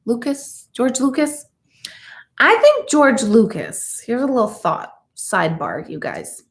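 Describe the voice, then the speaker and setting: A middle-aged woman hosting a live chat stream, talking casually to her viewers and slipping into quick mock voices. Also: on the high side. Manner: chatty and animated, does quick mock voices. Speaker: host of a live chat show.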